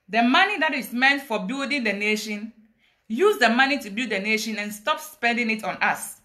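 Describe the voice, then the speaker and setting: A woman's voice: on the high side, normal speed, pushed and bright. A Ghanaian woman giving a dramatic, preachy confessional monologue on a social media live stream, mixing English and Twi. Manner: preachy, dramatic, laughing storytelling mixed with Twi. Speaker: livestreamer confessing.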